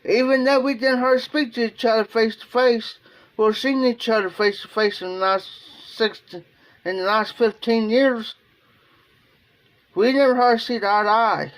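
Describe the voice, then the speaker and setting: An extremely high-pitched man from Ohio chats on his livestream in a steady tone and at a moderate pace. He rambles emotionally and keeps repeating himself.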